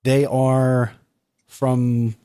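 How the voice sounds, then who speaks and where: A man hosting a podcast in casual chat, who slows down to spell out web addresses. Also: mid-range voice, little pitch movement, warm tone, smooth. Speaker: podcast host.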